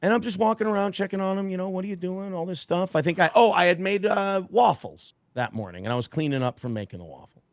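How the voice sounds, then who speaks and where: Man, gravelly, animated storyteller, profane, higher voice, dry sound. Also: fast talker, no echo. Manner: profane, animated retelling with acted quotes. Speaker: guest storyteller. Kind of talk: casual podcast storytelling.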